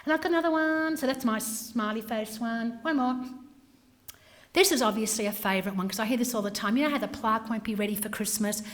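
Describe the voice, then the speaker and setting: Animated woman presenting in a hall. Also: on the high side, fairly quick. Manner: animated, acts out customer exchanges, drops to whispers. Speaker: workshop presenter. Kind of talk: training talk with acted scenarios. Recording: long reverb of a hall.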